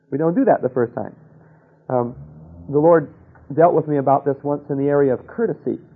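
A man preaching a sermon, telling a personal story with rhetorical questions and dropping to a hush for quoted voices. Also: on the high side, normal speed, breathy edge, phone-quality sound.

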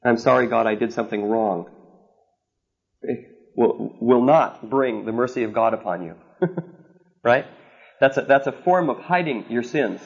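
On a slightly dull lo-fi recording, a man with a medium-pitched, somewhat mellow voice teaches a sermon about counseling. He is earnest, repeats points, and often checks in by asking "okay?".

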